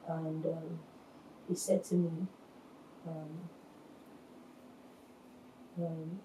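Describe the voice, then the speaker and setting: Woman, 40s, from Nigeria, halting testimony; low mellow voice, roomy echo. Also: level tone, phone-quality sound, a little hiss or hum. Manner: halting, hesitant storytelling. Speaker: reality show contestant. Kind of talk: emotional personal testimony. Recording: echoey room, faint ambience.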